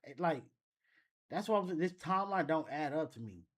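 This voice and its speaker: A man's voice: a little high, expressive, normal speed, a bit bright. A man hosting a reaction video, musing casually and thinking aloud with frequent restarts. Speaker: reaction channel host.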